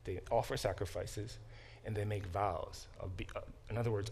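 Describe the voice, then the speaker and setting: Animated male Bible professor lecturing. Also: on the low side, moderate pace, gravelly, slight background noise. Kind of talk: classroom lecture. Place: classroom.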